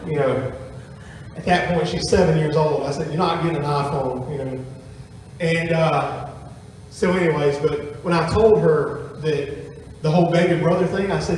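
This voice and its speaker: Folksy pastor in echoing hall. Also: male voice, a little high, moderate pace, a little mellow, slight background noise. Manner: folksy storytelling to congregation. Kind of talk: sermon. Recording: echoey hall from far off.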